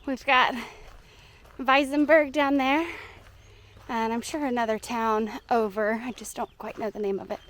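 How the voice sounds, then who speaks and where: A woman's voice: a little high, fairly even intonation, unhurried, fairly bright tone. A young woman with a Southern US accent, chatting cheerfully to camera while walking a hiking trail outdoors and laughing often. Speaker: hiking vlogger. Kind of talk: casual hiking vlog narration.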